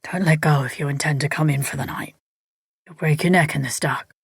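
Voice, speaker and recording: A woman reading an audiobook, voicing a gruff, irate grown man in a lower, rougher voice. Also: a little fast, no echo, clean studio sound, full character voice. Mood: gruff, gentler. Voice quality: gruff, low. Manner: terse, growled through clenched teeth. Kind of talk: audiobook character voice.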